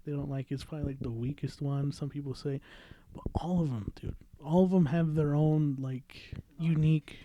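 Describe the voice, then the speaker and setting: A man with a fairly high voice hosts a podcast in loose, casual chat. He talks excitably and swears freely as he gets into the conversation. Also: normal speed, lo-fi sound, a little hiss or hum. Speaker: podcast host.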